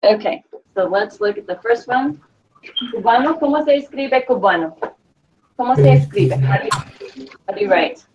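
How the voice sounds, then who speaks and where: A woman teaching a Spanish class, slowly dictating words and spelling them out letter by letter, with patient repetition. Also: medium pitch, sing-song, background noise. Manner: slow, patient, repeats each word and letter. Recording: distant, dull lo-fi classroom recording.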